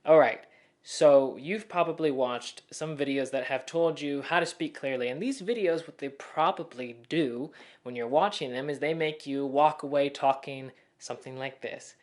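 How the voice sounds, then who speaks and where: A young man giving casual tips on speaking clearly, now and then acting out mumbled or rushed talk as examples. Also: fairly high pitch. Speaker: speaking coach. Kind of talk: casual spoken tutorial.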